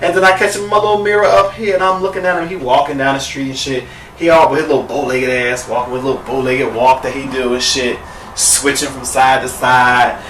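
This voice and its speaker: A young man with a bright, ringing voice tells a wild story at full drama, cursing freely and talking straight to his viewers. He flares into shouts at the big moments. He sits back from the mic in an echoey room, a faint hum behind him. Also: mid-range voice, fairly even intonation, fairly quick, distant mic. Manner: profane, dramatic, addresses viewers as girl; bursts into shouting at peaks. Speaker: vlogger. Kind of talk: animated storytelling rant.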